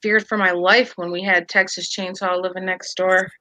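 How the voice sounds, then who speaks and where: A woman co-hosting a casual chat podcast, telling animated stories, swearing freely and acting out the people she quotes. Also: on the low side, normal speed, no echo, rough recording. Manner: animated storyteller, swears, acts out quotes loudly. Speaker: podcast co-host.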